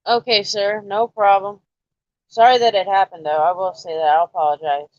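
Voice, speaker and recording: A woman's voice: medium pitch, fairly even intonation, normal speed, a little mellow, dry recording, lo-fi sound. A woman casually chatting with her livestream viewers, coaxing and teasing them to join in. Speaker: livestream host. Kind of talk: casual live-stream chat with viewers.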